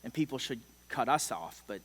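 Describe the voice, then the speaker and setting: A man's voice: mid-range voice, animated, normal speed, fairly bright tone. Man, middle-aged, pastor, sermon, passionate emphatic delivery, long church reverb. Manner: impassioned, emphatic preaching with sudden swells and drops. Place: church sanctuary.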